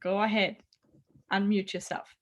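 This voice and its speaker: A woman's voice: medium pitch, little pitch movement, normal speed. A woman hosting a live online event, talking in a chatty, upbeat way with many fillers. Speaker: host. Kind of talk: casual livestream chat.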